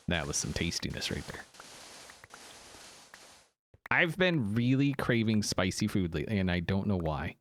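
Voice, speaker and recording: Animated rambling male streamer. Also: fairly low pitch, slight background noise. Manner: rambling, animated, self-interrupting. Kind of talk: casual chat while gaming.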